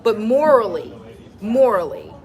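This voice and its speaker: A woman's voice: medium pitch, very animated, a little slow. A woman vlogger chatting casually on a live stream, talking straight to her viewers in an emphatic, conversational way. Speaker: wellness vlogger.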